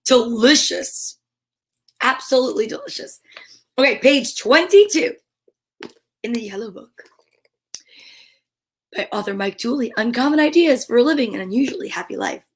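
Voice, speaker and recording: A middle-aged woman hosting a live show for children, bubbly and playful, reading names from the chat and chatting warmly. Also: a little high, expressive, moderate pace, long pauses, slightly rough. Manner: bubbly, playful, sing-song. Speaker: children's livestream host.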